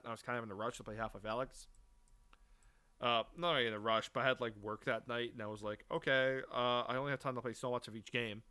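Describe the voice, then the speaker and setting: A man's voice: medium pitch, pushed and bright, clean tone. A young man co-hosting a podcast, chatting casually, swearing freely and rambling with restarts. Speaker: podcast co-host. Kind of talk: casual chat.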